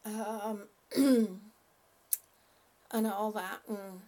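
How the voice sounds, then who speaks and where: A woman hosting a livestream, chatting haltingly and affectionately with her viewers, often restarting her sentences. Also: medium pitch, steady tone, warm tone. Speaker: livestream host. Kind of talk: casual livestream chat with viewers.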